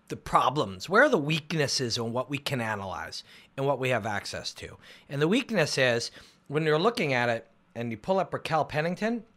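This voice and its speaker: A man hosting a casual livestream chat about fights, rambling and excitable, with lots of fillers. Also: a little high. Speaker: MMA analyst and show host. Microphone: phone and computer livestream.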